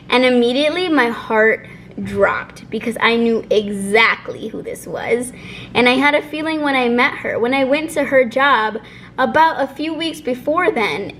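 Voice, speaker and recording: Young woman doing a storytime vlog, high voice, acts out what people said, lil bit of background hiss. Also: low-quality recording. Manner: animated, acts out quotes of others. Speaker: vlogger telling a personal story. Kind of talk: casual storytime.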